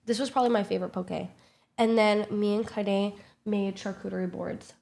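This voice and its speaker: Recounting a trip to camera, a young streamer chats casually, curses freely, and performs quoted lines in high, squeaky voices. Her own voice has fairly even intonation, vocal fry, and a darkish tone, at a moderate pace.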